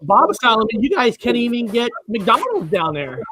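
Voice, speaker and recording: A man hosting a podcast, chatting casually with his guest, halting with frequent uhs and self-corrections. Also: very high voice, wildly swooping pitch, sharp tone, slight background noise. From United States, Washington state. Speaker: podcast host. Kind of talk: casual interview chat.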